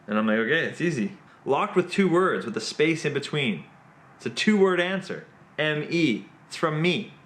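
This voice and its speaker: Lively self-mocking male vlog host. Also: moderate pace. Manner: self-mocking, excitable, exclaims "boom". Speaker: magician and comedian host. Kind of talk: animated storytelling recap.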